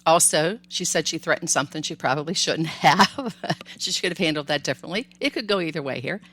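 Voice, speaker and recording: A woman's voice: sits low, brisk, fairly bright tone, no echo. An older woman, a grandmother, hosting a solo parenting podcast and giving advice in a friendly, chatty way with light laughs.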